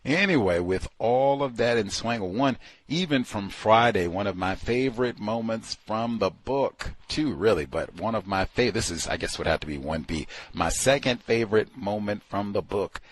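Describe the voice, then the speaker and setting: A man casually talking through a book he is reading, animated and full of rhetorical questions. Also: on the low side, normal speed, no room sound. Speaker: book commentator. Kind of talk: casual spoken book review.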